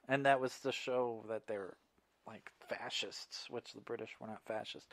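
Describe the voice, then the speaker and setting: A man's voice: on the low side, normal speed, dry recording. A man co-hosting a podcast, chatting casually and teasing his co-host with wry remarks. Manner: wry, teasing, reads out contest results. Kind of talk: casual chat.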